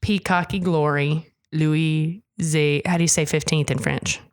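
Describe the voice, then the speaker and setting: A woman's voice: low voice, unhurried. A woman co-hosting a podcast, recapping a show in casual chat with swearing and jokes. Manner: profane, jokey, animated storytelling. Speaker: podcast co-host.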